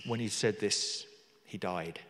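A man's voice: fairly low pitch, slow, a bit bright. A man preaching a sermon in a conversational way, with jokey asides, reading scripture aloud with emphasis. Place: church hall. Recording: long hall reverb.

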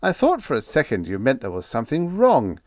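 A man's voice: mid-range voice, huge pitch swings, a little fast, no echo, studio quality, pitched above the performer's own voice. A man doing a mild, drawling young genius. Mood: nonchalant. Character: bland, gentle young male genius pilot.

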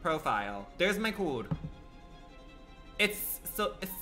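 A man's voice: high-pitched, sing-song, slow pace, pushed and bright, faint music behind. A man livestreaming a game, rambling and swearing freely with many filler words. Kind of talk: casual gaming livestream chat.

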